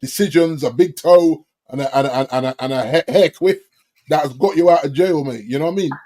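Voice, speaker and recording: A man co-hosting a football podcast who talks in animated bursts and stammers as he gets going. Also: a little high, brisk, a little hiss or hum. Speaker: podcast co-host. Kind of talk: casual football chat.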